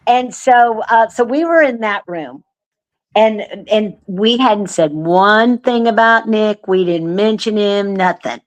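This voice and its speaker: A woman guest telling a story in casual chat, earnest and animated, with lots of fillers. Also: mid-range voice, slow. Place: remote call.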